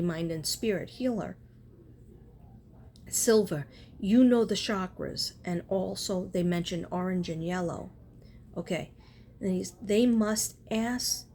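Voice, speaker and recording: A woman's voice: fairly low pitch, a little mellow, slight background noise. A woman chatting casually in a spiritual vlog, rambling and earnest, often breaking off and restarting. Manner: rambling, self-interrupting, earnest. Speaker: spiritual artist and vlogger.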